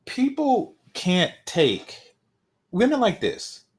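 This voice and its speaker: Male reaction commentator, mocking, emphatic, lively pitch swings, repeats himself. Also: very slow.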